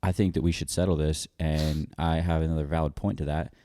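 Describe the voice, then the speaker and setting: A man in his thirties with a low, deep voice, venting in animated, exaggerated banter. He sounds close to the mic, with a dry, dead room. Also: fairly quick, dry recording. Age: 30s. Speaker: podcast co-host. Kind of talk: casual couple banter.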